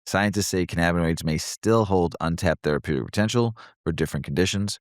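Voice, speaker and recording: A middle-aged man with a very deep voice reads news items aloud and tags each with a wisecrack. The mic is close and dry, with no room sound, and his delivery stays loose and jokey. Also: brisk, no echo. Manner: reads headlines then cracks jokes, laughs easily. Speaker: podcast co-host. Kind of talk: casual news rundown with jokes.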